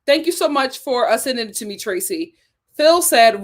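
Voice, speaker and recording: A woman's voice: fairly high pitch, expressive, normal speed. A young woman hosting a casual live stream, chatting animatedly, reading viewer comments aloud and laughing often. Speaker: live-stream host reviewing a reality show.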